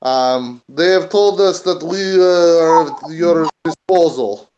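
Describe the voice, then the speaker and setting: A man doing a poor Russian laborer in a put-on Russian accent, all broken grammar and pushy pleading. He talks his way forward with a lowly worker's stubbornness. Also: takes it slowly, darkish tone, lo-fi sound. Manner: broken grammar, begging then demanding.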